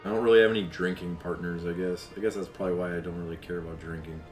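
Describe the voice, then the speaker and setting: Deep-voiced rambling male streamer. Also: fairly even intonation, very fast, a little mellow. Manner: rambling, candid, heavy on fillers. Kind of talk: casual live-stream chat. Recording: roomy echo, faint game music. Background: faint game music.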